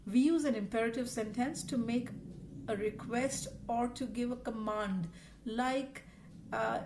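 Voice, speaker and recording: A woman with a slightly high voice explains grammar in a recorded lesson. She talks patiently and reads out example sentences one after another. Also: background noise. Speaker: teacher.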